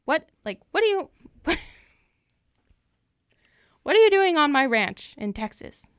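A woman's voice: sits high, sing-song, takes it slowly, no room sound, clean studio sound, exaggerated voice. A woman improvising a proud, heartbroken male lone cowboy rancher, telling his tale in a folksy way and repeating phrases for emphasis. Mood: indignant folksy. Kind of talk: improvised comic storytelling.

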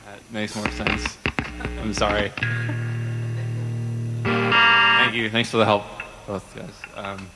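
A man's voice: fairly low pitch, sing-song, slow pace, pauses often. A man fronting a band, rambling awkwardly between songs on an outdoor stage. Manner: awkward, rambling, soft-spoken. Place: outdoor stage on a campus lawn. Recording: live outdoor set with long reverb and faint guitar.

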